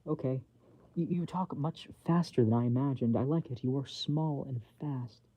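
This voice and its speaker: A man reading aloud, voicing a gentle, sincere male artificial intelligence who speaks in an earnest, formal and literal way, in a dull home recording. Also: mid-range voice, moderate pace, natural voice.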